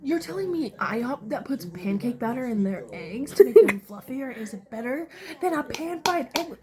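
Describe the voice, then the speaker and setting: A woman's voice: high-pitched, expressive, moderate pace, a crowd in the background. A woman joining her sister in a casual chat, joking and giggling as she talks. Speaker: co-host, host's sister.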